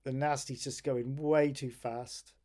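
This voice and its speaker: Tired male streamer, casual, self-talking commentary, mid-pitched voice. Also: little pitch movement, slow, darkish tone. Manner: tired, thinking aloud while waiting on a computer. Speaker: retro computing streamer.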